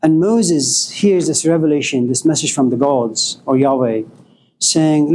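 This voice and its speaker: A man's voice: on the high side, measured pace, dark tone, slight background noise. A man giving an informal spiritual lecture to a live audience, joking and telling stories in a loose, conversational way.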